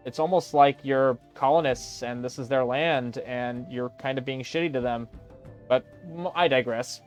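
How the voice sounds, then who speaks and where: A man's voice: medium pitch, normal speed, faint music behind. A man giving casual, sarcastic commentary while playing a game, swearing freely. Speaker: let's play host.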